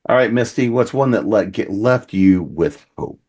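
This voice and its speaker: A man with a very low voice hosts a convention panel discussion. He talks in an easygoing way, asking open questions and calling on each panelist by turn. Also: expressive, normal speed, a little mellow, husky. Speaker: panel host.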